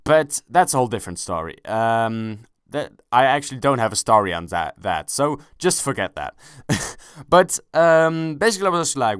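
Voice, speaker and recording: A young man talks loosely over his gameplay, jumping between thoughts and correcting himself mid-sentence. His voice is smooth and clear, with a bouncy, animated pitch. The sound is dry and close, with little room echo. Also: normal speed. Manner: rambling, self-correcting, swears casually, jokey. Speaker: gaming commentator. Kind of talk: casual gameplay commentary. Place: at home, kneeling without a chair.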